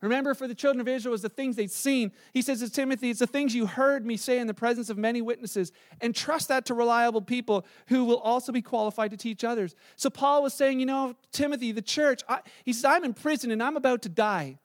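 High-voiced man preaching conversationally. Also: fast, few pauses, dry recording, studio quality. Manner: conversational, storytelling with asides and restarts. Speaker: pastor. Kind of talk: sermon.

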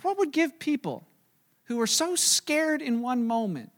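A man with a strikingly high voice delivers a sermon. He retells scenes with animated storytelling and frequent chuckles. He sounds middle-aged. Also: measured pace. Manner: lively storytelling, acting out scenes; chuckles while talking. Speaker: pastor.

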